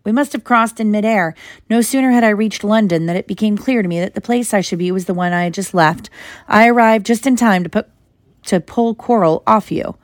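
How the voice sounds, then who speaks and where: Woman doing a gentle, wry old headmaster, soothing, close dry sound. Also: medium pitch, fairly quick, no room sound, close to an everyday voice. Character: kindly elderly male headmaster, calm and wry.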